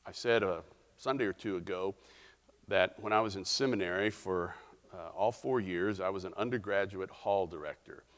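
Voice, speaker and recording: A middle-aged man preaching a sermon as pastor, telling stories in a reflective way with frequent pauses. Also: low-pitched, in a large hall.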